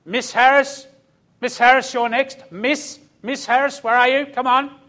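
A man's voice: very high-pitched, level tone, a little slow, pitched above the performer's own voice, heavily acted. An older man voicing a stern, cranky female nursing sister who impatiently calls out a name to a waiting room. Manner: loud, impatient calling out.

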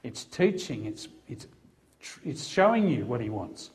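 A man's voice: medium pitch, big pitch swings, a little slow, a little mellow. A middle-aged Australian man, a Christian police officer, telling an emphatic testimony as a preacher. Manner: earnest, emphatic storytelling.

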